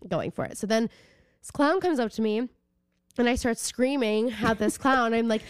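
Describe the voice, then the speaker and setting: A woman's voice: fairly high pitch, moderate pace, clean tone, dry recording, clean studio sound. A woman in her twenties, a podcast co-host in casual chat, telling a story with a lot of energy and cursing freely. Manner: animated storytelling, swears freely.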